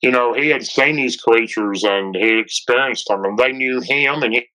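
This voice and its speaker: Bright-voiced Tennessee man telling a story. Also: medium pitch, normal speed. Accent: Southern US, Tennessee. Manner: rambling, lots of "and, uh" fillers. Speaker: guest telling an encounter story. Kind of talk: casual storytelling. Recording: dull lo-fi podcast audio.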